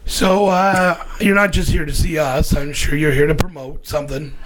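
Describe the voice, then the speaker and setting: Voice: mid-range voice, fairly even intonation, moderate pace, crowd noise, poor audio. A host of a live stream chatting casually and teasing the guest. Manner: teasing, joking. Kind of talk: casual chat.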